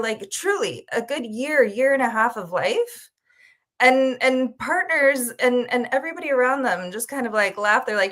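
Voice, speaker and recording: A woman's voice: on the high side, fairly bright tone. Earnest woman on a candid panel. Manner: earnest, restarts and repeats words. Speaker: panel guest.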